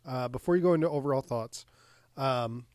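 Excitable swearing podcast guy, dry mic. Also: medium pitch, a little fast, no echo. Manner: excitable, swears freely, laughs often. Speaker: podcast co-host. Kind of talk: casual movie review chat.

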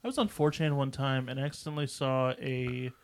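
A man co-hosting a casual movie podcast, laid-back, his voice dropping low and quiet while he tells stories. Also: fairly quick, smooth. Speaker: podcast co-host.

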